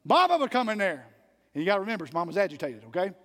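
A man preaching a sermon to his church, telling folksy stories and rising to loud emphatic peaks between quieter asides. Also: high voice, big pitch swings, rapid-fire, long reverb tail. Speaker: pastor. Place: church sanctuary.

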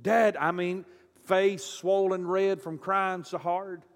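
A man preaching a storytelling sermon, impassioned and surging from quiet to loud. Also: high voice, level tone, slow. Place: church auditorium. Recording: reverberant hall with soft music.

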